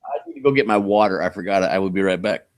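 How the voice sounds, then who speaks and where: Low-voiced rambling male stream host. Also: racing, a little hiss or hum. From Oregon, USA. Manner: rambling, chatty, thinks aloud. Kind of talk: casual live-stream chat.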